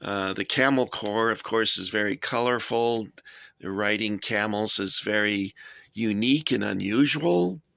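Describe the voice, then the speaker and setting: A man's voice: on the low side, measured pace, gravelly, pushed and bright, no echo, clean studio sound. A middle-aged man hosting a casual vlog, rambling and self-deprecating as he shows off his toy soldier collection. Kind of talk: casual show-and-tell vlog.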